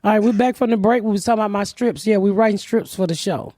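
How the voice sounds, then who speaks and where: A woman's voice: mid-range voice, quick pace, mellow, no room sound, clean studio sound. A middle-aged woman hosting a comedy podcast, telling stories in a blunt, profane way. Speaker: podcast host. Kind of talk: casual comedic chat.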